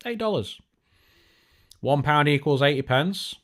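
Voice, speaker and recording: A man's voice: fairly high pitch, lively intonation, unhurried, fairly bright tone. A man hosting a casual tech live stream, chatty and joking, with lots of fillers and restarts. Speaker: tech show host.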